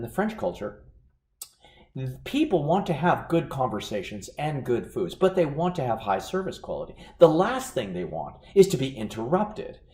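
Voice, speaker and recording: A man giving a business lecture, animated and acting out anecdotes as he teaches. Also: on the high side, reverberant. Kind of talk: lecture with storytelling.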